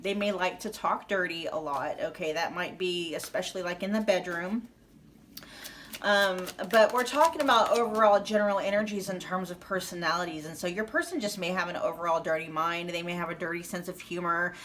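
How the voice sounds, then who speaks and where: Her voice is lowish and fairly bright, held at a steady tone and moving briskly, with a little hiss or hum underneath. She's a Midwestern American tarot reader doing a casual reading for viewers, chatty and full of fillers and restarts as she thinks out loud.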